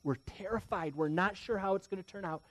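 A man's voice: high voice, fairly quick, dry recording. A man in his thirties preaching a sermon as pastor, talking straight to the congregation and telling stories. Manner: swings from loud emphasis to hushed near-whisper; storytelling, direct address to the congregation.

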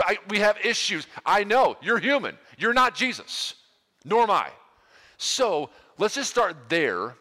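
A man's voice: on the high side, bright, forceful tone. A middle-aged male pastor preaching in a casual, earnest way, with many restarts and asides. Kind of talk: conversational sermon to a live room. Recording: long hall reverb.

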